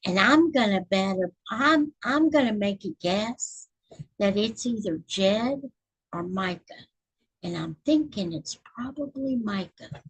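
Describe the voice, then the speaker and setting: A woman's voice: medium pitch, animated, a little slow, breathy edge, poor audio. A middle-aged woman from Texas hosting a casual live stream, chatting with viewers and counting stitches aloud as she crochets. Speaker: channel host reading books.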